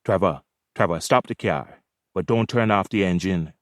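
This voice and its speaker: A man's voice: sits low, normal speed, no echo, clean studio sound, pitched below the performer's own voice, close to an everyday voice. A man voicing a nervous young Jamaican gang member who urgently pleads with his boss, with a Jamaican accent. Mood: anxious.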